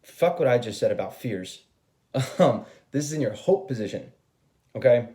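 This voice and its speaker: A man's voice: medium pitch, lively intonation, normal speed, warm tone. A man giving a casual tarot reading, chatty and rambling, swearing freely and laughing at himself. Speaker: tarot reader.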